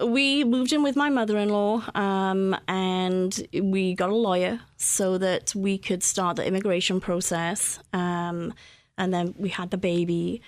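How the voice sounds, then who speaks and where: A woman's voice: medium pitch, dry recording. A middle-aged woman from Wales with a Welsh accent, chatting as a guest in an interview, full of fillers and restarts. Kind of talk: conversational interview.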